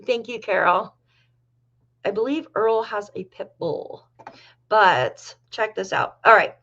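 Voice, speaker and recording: A woman's voice: medium pitch, animated, slow, gravelly, fairly bright tone, highs cut off. A middle-aged woman from New York hosting a casual livestream, chatting with viewers and reading their comments aloud. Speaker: livestream host.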